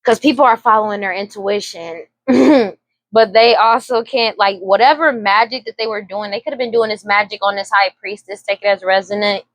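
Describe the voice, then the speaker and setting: A woman's voice: medium pitch, fairly bright tone, no room sound, rough recording. Rambling tarot-reading woman, dry close sound. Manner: rambling, talks fast and repeats herself; breaks into laughter. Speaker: tarot reader.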